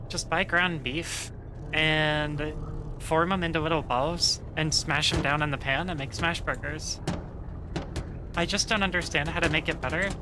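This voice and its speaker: A woman streamer chatting casually with viewers while playing, relaxed and profane, rambling with lots of fillers. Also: deep voice, background noise. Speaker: game streamer. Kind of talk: casual stream chat reading viewer messages.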